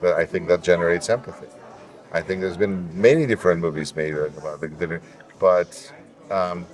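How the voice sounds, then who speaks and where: A Russian-born man, a native Russian speaker, with a deep announcer-like voice, speaking earnestly and reflectively as an interview guest. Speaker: guest, local elected official. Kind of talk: conversational interview.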